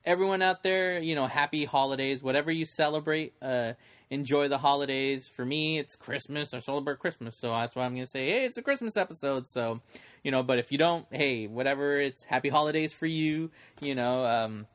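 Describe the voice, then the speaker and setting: A man's voice: medium pitch, steady tone, fairly quick, fairly bright tone. Chatty podcast host, a man. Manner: chatty, rambling, laughs often. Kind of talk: casual podcast chat.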